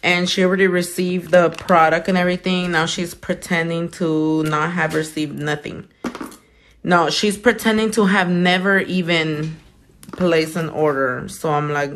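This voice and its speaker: A woman's voice: fairly low pitch, steady tone, a little slow. A woman nail technician in casual livestream chat while doing her nails, blunt and profane as she vents. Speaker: nail technician and small business owner.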